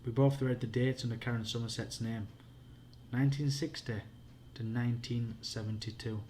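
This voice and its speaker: A man's voice: mid-range voice, steady tone, moderate pace, warm tone, slight background noise. A man with a Yorkshire accent reading a spooky children's book aloud at home as a bedtime story, in a plain, unpolished way with the odd slip.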